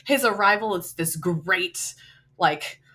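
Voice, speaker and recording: A woman's voice: on the low side, takes it slowly, bright, forceful tone, breathy edge. A woman co-hosting a podcast, gushing enthusiastically about a romance novel and swearing casually. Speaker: podcast co-host.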